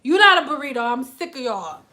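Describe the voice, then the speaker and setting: A woman hairstylist tells stories on a casual livestream in a blunt, profane, animated way. Her voice sits high and sounds bright and sharp. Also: brisk.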